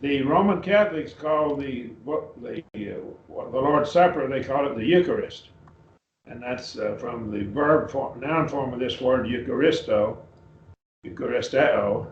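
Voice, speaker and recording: A man leads a Bible class, working through Greek words in a relaxed, halting way and calling on his students one by one. His voice is recorded in a reverberant room, and the sound is muffled and lo-fi. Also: medium pitch, slight background noise. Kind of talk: Bible class lesson, Greek word study. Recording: roomy, dull lo-fi class recording.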